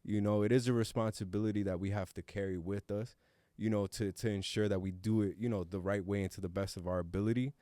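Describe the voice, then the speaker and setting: A man with a son still young co-hosts a casual podcast roundtable, speaking earnestly and reflectively and swearing casually now and then. His voice is fairly low with fairly even intonation, fast and dark-toned. The recording is dry, with clean studio sound.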